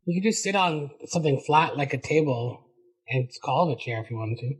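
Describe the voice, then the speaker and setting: A man's voice: fairly high pitch, expressive, fairly quick, husky, low-quality recording. A man on a casual podcast, telling rambling stories and laughing often. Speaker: podcast host.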